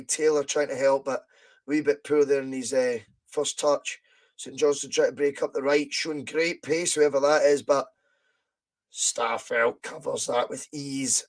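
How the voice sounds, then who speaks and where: A Scottish man hosting a live football watch-along from home, chatting with viewers and breaking into excited commentary. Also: on the high side. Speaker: podcast host doing live fan commentary.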